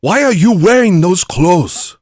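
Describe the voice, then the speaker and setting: A man's voice: high-pitched, animated, unhurried, darkish tone, no echo, studio quality, pitched above the performer's own voice. A man putting on an African accent to play a preachy man lecturing white people on their culture, stern and drawn out.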